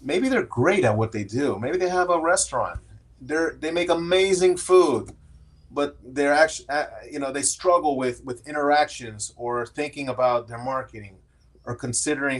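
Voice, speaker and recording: Middle-aged male guest, candid, casual, talks in restarts, average pitch. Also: normal speed. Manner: candid, storytelling with frequent restarts. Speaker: podcast guest. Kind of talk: casual interview conversation.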